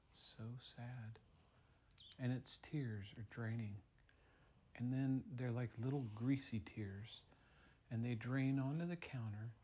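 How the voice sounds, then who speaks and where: A man improvising a playful story for a child, moving from hushed tones to excited bursts. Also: medium pitch, slight background noise.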